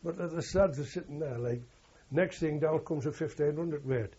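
Brief: older man, war veteran interviewee, husky dark voice, anecdotal rambling, old lo-fi recording. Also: fairly high pitch, moderate pace. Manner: rambling anecdotal, frequent "you know" and "like". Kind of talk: oral history recollection.

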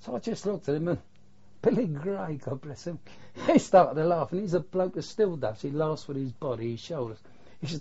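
A man's voice: a little high, lively intonation, moderate pace, warm tone, slightly rough. An older man, recalling wartime memories in a plain-spoken, earthy way with mild swearing. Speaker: war veteran interviewee. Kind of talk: oral history recollection. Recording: dull lo-fi recording.

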